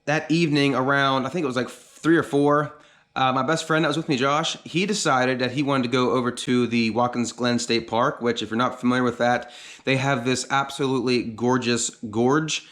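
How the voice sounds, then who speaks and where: A man's voice: mid-range voice, steady tone, normal speed, a bit bright. A man chatting casually to camera as a vlog host, rambling with lots of fillers. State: out of breath. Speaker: channel host. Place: outdoors on top of a gorge.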